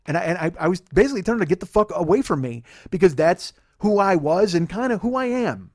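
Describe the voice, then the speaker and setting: A man's voice: high voice, lively intonation, quick pace, few pauses, dry recording, clean studio sound. A man in his forties hosting a podcast, telling a personal story in a heated, profane, rambling monologue. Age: 40s. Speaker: podcast host.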